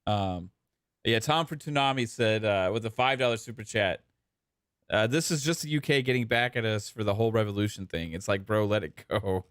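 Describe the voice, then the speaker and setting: A man's voice: lowish voice, a little fast, fairly bright tone, smooth, no room sound, clean studio sound. A man hosting a podcast, reading viewer super chats aloud in a loose, laughing manner. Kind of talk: casual gaming podcast chat.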